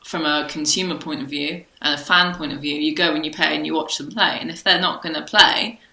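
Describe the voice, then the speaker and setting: A woman's voice: low-pitched, steady tone, brisk, sharp tone. A woman co-hosting a casual podcast chat, earnest, with hesitant restarts. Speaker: podcast co-host. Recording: echoey room.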